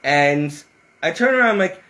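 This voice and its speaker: A man's voice: a little high, expressive, moderate pace, pushed and bright. A man vlogging a casual story from inside a house, rambling and interrupting himself, laughing often.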